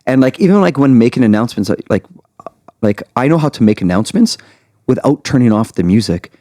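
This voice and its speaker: Lively, playful man hosting a podcast. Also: mid-range voice, a little fast, no room sound, studio quality. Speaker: podcast host, wedding MC. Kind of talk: casual chat.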